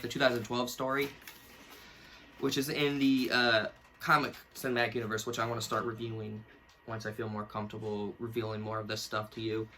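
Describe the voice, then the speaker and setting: Young guy rambling on, pokes fun at himself, bright tense voice, bit of hiss behind. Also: medium pitch. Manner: rambling, self-mocking, laughs often. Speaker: YouTuber reviewing his own childhood book. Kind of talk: casual rambling commentary.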